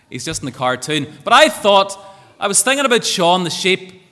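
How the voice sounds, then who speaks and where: A man with a bright, forceful voice, somewhat high-pitched, leads a school assembly and keeps asking the children questions. His upbeat talk rings with a long echo from the large hall. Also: expressive, moderate pace. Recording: echoey hall reverb.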